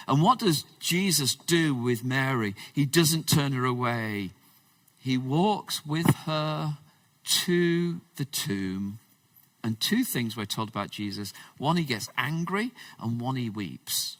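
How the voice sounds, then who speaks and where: A man preaching a conversational sermon, swinging between loud emphasis and hushed, low passages. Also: expressive, a little slow, no room sound, distant mic. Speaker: pastor. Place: church.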